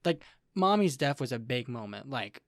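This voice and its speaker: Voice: medium pitch, very animated, normal speed, no room sound, clean studio sound. A young adult podcast co-host recapping an anime in casual chat, talking in a chatty way with lots of fillers and playful quoted voices.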